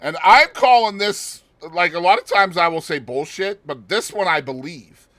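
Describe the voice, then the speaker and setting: Man, podcast co-host, bright voice, fairly high pitch, dry close sound, rambling jokey chat. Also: moderate pace, no room sound. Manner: joking, rambling, punny asides. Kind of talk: casual chat.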